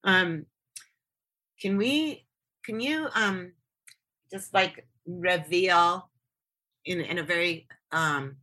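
Low, bright-voiced excitable podcast hostess. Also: female voice, very slow, long pauses. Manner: excitable, swears freely, rambling. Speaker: podcast host. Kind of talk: casual podcast chat.

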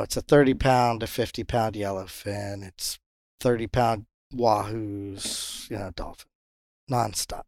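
A man who captains a charter fishing boat, telling fishing stories in a casual interview and jumping into high voices when he quotes others. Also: no room sound, studio quality. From Pompano, Florida. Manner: animated storyteller, jumps high when quoting others.

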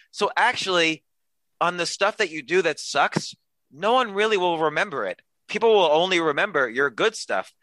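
Man, podcast guest, bright forceful voice, slightly high, very dry close sound, chatty storyteller. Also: dry recording, rough recording. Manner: chatty, self-deprecating, fast anecdotes with quoted dialogue. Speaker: podcast guest, author and comedian. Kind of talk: casual storytelling interview.

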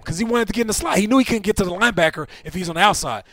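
Animated storytelling man, dry sound. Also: racing, vocal fry, no echo. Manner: animated storyteller, acts out quotes with big pitch swings. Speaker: podcast co-host, former NFL receiver. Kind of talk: casual storytelling chat.

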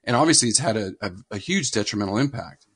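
American guy hosting a podcast, lowish voice but really bright, lots of "you know". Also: animated, quick pace, husky. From United States. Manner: casual, many "you know" fillers. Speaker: podcast host. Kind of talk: podcast interview.

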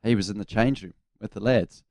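A middle-aged man with a New Zealand accent, co-hosting a sports radio show and telling relaxed, self-deprecating stories. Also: lowish voice, brisk, dry recording, studio quality. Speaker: radio co-host, former cricketer. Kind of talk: casual sports radio chat.

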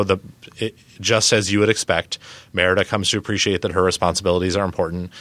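A man co-hosting a podcast, talking in a measured, thoughtful way in casual chat. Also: sits low, fairly bright tone, no room sound. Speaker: podcast co-host.

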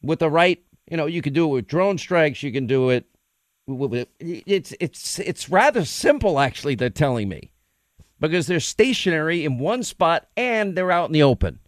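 Male opinion radio host: combative, rapid-fire, emphatic; slightly high pitch, dead-dry studio sound. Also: very animated, dry recording. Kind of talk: political opinion talk show.

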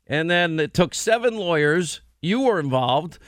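A man hosts a show in casual banter, telling stories bluntly and acting out what others said. His voice sits fairly high for a man. The studio sound is dry and close. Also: unhurried, dry recording. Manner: blunt, animated storytelling with quoted asides. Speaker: radio and TV host.

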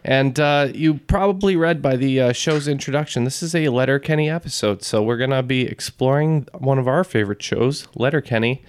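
A man co-hosting a casual trivia podcast in a studio, easygoing and full of drawn-out fillers. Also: medium pitch, clear, resonant tone. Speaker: podcast co-host.

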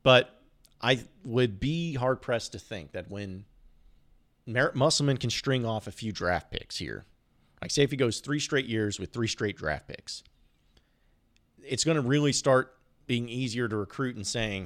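A man's voice: mid-range voice, animated, a little slow, a bit bright. A man hosting a casual sports podcast, talking in a rambling, loose way with joking asides and restarts. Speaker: podcast host.

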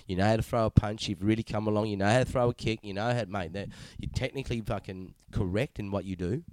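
A man's voice: on the low side, fast talker, darkish tone, no room sound. A man hosting a podcast interview, chatting in a matey, rambling way with lots of swearing and fillers. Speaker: podcast host. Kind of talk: casual chat.

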